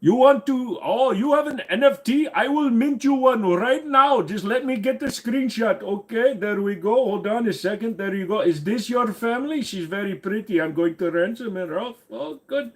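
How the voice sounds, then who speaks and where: A man's voice: high-pitched, normal speed, few pauses, voice pushed up. A man voicing a smug, greedy male phone scammer in a mock Indian accent, wheedling and self-praising. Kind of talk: comedic skit on a livestream.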